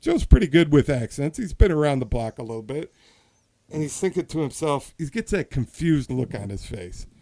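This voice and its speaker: A man's voice: a little high, very animated, normal speed, warm tone. A man hosting a podcast in casual chat, telling a hypothetical story with many restarts and asides. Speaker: podcast host.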